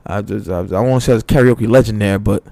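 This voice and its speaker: On a dry recording, a young man co-hosting a podcast talks fast in a voice on the low side, with vocal fry. He's animated as he tells a story in casual chat, swearing freely and voicing quotes in a raised tone.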